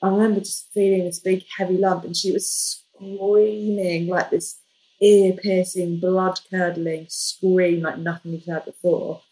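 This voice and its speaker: Lively woman telling a story. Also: on the low side, unhurried, low-quality recording. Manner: lively, jokey, animated retelling. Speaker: guest. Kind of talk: casual storytelling.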